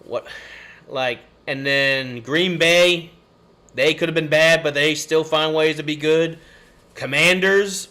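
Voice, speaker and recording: A man in his thirties with a drawl and a slightly high voice. He rambles through a frustrated rant on a live stream, sighing and restarting often, with a curse slipping out now and then. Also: slow, pushed and bright. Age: 30s. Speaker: podcast host.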